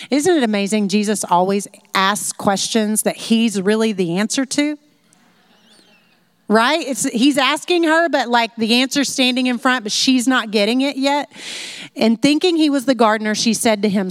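A woman teaching a conversational Bible lesson in a chatty, animated way, full of "like" fillers. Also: a little high, normal speed, smooth, dry recording, studio quality.

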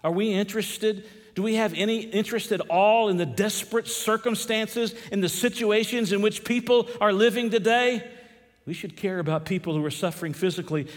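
High-voiced preacher in an echoing hall. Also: male voice. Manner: swings from hushed to loud emphatic preaching, slow repeated phrases. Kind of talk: sermon.

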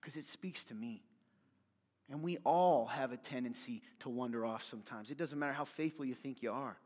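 A man preaching a sermon as pastor, fired up and yelling at times, then dropping to soft, confiding asides. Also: mid-range voice, normal speed, in a large hall.

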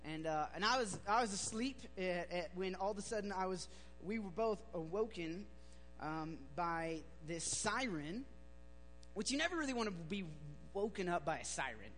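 A man's voice: high voice, lively intonation, moderate pace, a bit bright, soft background music. A man preaching a sermon, telling a story in a chatty, joking way with many fillers. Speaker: pastor. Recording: reverberant hall, faint hum.

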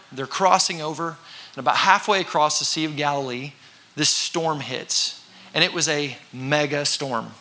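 A man preaching a sermon to a congregation, talking conversationally, acting out voices and sometimes shouting for effect. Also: on the high side. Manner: conversational with congregation call-and-response. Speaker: pastor.

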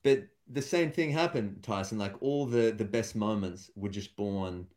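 A man's voice: lowish voice, measured pace, darkish tone. A man, a stand-up comedian and guest, talking casually and thoughtfully in an interview, with many fillers and restarts.

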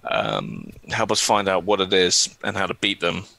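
A man voicing an elderly male alien commodore, slow and commanding in a tabletop game. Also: sits low, big pitch swings, gravelly, pushed and bright, a little hiss or hum, full character voice. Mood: grave. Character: elderly male Mon Calamari commodore, stern officer.

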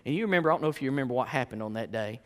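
A man's voice: mid-range voice, animated, very fast. A man preaching a sermon, telling a story with folksy asides and repeated rhetorical questions. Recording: echoey hall.

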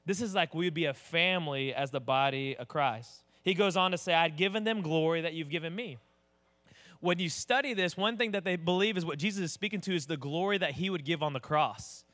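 A man's voice: a little high, brisk, fairly bright tone. A man preaching a sermon, conversational and direct, asking the congregation questions. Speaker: pastor.

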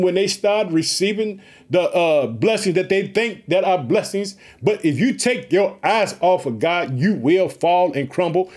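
With a high voice, a man gives an energetic, excited sermon. He often shouts out to the congregation and leans on repeated catchphrases.

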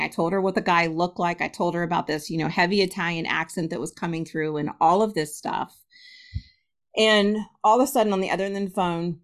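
A middle-aged woman, a spiritualist medium and podcast guest, telling a personal story with lots of laughter and acted-out quotes. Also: on the low side. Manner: laughs often, acts out quoted voices.

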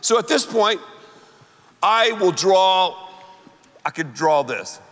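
In a lively but slow sermon, the man's somewhat high voice rings out over a long hall reverb. He gets the congregation answering back in call-and-response.

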